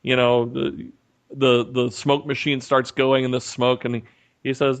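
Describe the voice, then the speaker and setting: Animated male podcast storyteller. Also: medium pitch, a little slow, dull audio. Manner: animated storyteller, acts out quotes. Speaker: podcast co-host. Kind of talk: casual storytelling chat. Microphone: remote call mic.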